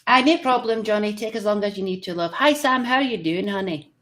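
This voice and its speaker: A woman's voice: medium pitch, quick pace, fairly bright tone. A Scottish woman hosting a casual live-stream show, bubbly and cheeky, laughing often. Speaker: livestream show host.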